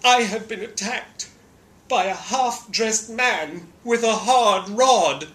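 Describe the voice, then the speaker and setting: A man doing a pompous older bishop, his plummy voice pitched high and left breathless. The delivery is bright and sharp, full of self-important alarm. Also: fairly even intonation, measured pace, echoey room, slight background noise, full character voice. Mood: breathless outrage.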